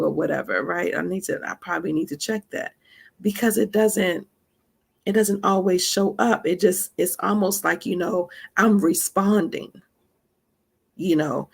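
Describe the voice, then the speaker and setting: Woman, gravelly and husky, chatty teacher who keeps checking in with listeners. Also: on the low side, normal speed. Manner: conversational, addresses listeners directly with frequent asides; emphatic, laughs between points. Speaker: spiritual teacher. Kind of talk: casual teaching talk.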